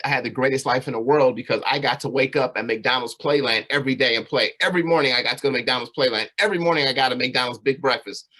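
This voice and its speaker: A community speaker from California, with a mid-range voice that sounds pushed and bright, tells a personal story to a community audience. He is earnest and conversational, often checking in with "right?" and "you know."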